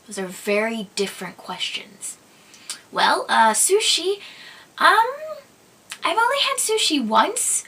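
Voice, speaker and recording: Young woman, from Minnesota, casual vlog chat, bright clear tone, fairly high voice. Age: young adult. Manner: chatty, giggly, hesitant with many ums. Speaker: vlog host.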